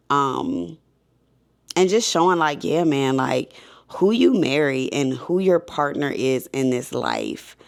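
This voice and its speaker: A woman's voice: a bass voice, gravelly, darkish tone, clear, resonant tone. A woman reviewing a TV series in a casual, enthusiastic way, chatting to viewers. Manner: enthusiastic, chatty, addresses viewers as y'all and baby. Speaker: show review vlogger.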